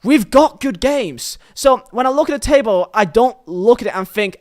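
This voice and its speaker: A man hosts a solo football podcast, rambling through an opinionated review and frequently restarting his phrases. His very high-pitched voice is expressive and moves at a normal pace, and he comes across as an earnest fan with strong views.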